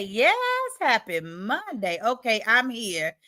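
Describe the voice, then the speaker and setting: Bright-voiced woman hosting a livestream. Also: on the high side, expressive, a little slow. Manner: chatty, reads viewer comments aloud, playful. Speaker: livestream host. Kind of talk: casual livestream chat.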